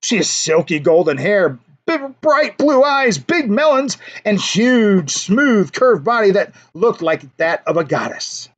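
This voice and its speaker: A man's voice: high-pitched, big pitch swings, measured pace, few pauses, lo-fi sound. A man hosting a casual livestream, telling a joke and chatting with viewers in a playful way, chuckling at his own jokes. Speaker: livestream host.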